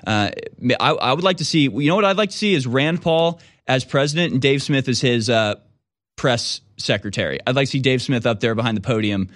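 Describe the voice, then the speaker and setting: A man's voice: mid-range voice, lively intonation, fairly bright tone, dry recording. Dry-voiced man hosting a call-in show. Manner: joking, quick riffs, trails off into restarts. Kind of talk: casual call-in talk.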